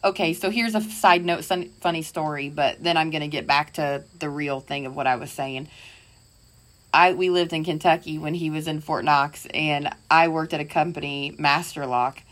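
Woman, podcast co-host, chatty, laughing, rambling, lower-pitched. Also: fairly even intonation, normal speed, a bit bright. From Indiana. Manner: rambling, laughs often, restarts. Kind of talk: casual chat.

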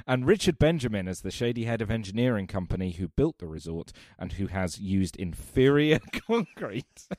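A man on a casual podcast, playfully rambling through a film pitch with chuckles. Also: expressive, moderate pace, hardly any pauses, darkish tone, no echo, clean studio sound.

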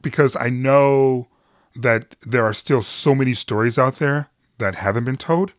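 This is candid conversational storytelling from a middle-aged man on a podcast, earnest about his own experiences, laughing easily and cursing casually. His mid-range voice moves at a measured pace in a studio-quality recording with no echo.

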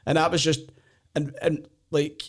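A man with a Glaswegian accent, a comedian and former soldier, telling animated stories in casual chat and laughing often. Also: fairly high pitch, measured pace. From Glasgow, Scotland. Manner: animated, laughs often, acts out voices in anecdotes.

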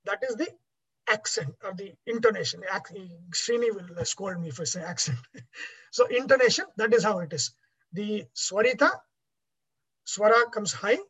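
A woman's voice: medium pitch, normal speed, fairly bright tone, slightly rough, poor audio. Woman teaching, patient and explanatory. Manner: patient explaining with many fillers. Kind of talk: class on Vedic chanting.

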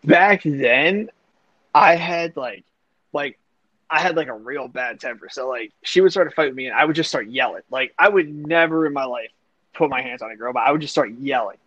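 A man's voice: a little high, moderate pace, a bit bright, dry recording. A young man hosting a podcast, telling a long personal story in a rambling, profane way, full of "like" and other fillers. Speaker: podcast host. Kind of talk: casual storytelling chat. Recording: dull lo-fi sound, dry.

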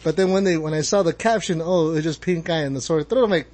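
A man co-hosting a podcast in casual chat, animated and swearing as he acts out his own reactions. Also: on the high side, quick pace. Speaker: podcast co-host.

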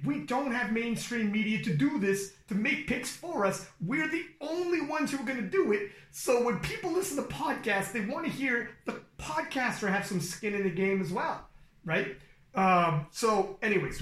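A man hosting a podcast, telling stories in a casual, animated way and swearing freely. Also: sits high, normal speed, echoey room. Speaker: podcast host.

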